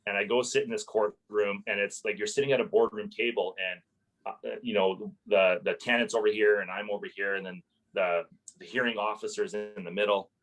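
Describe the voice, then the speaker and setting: A man, a landlord and podcast guest, telling a story in a casual interview, animated and swearing freely as he relives his anger. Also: on the low side, fairly quick, poor audio.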